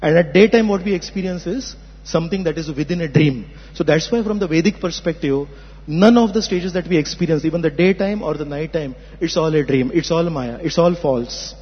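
An earnest man with a high, slightly husky voice gives a spiritual discourse, explaining by asking rhetorical questions. He sounds muffled, with a long reverb trailing each phrase. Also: fairly quick. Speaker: spiritual teacher. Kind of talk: philosophical discourse. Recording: muffled hall recording.

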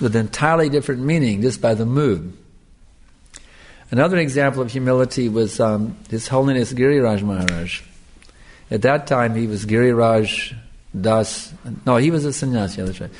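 A man's voice: medium pitch, darkish tone. An older man from the United States telling earnest stories in a devotional sermon, often restarting his phrases. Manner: earnest, storytelling, repeats himself with restarts. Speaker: devotional speaker.

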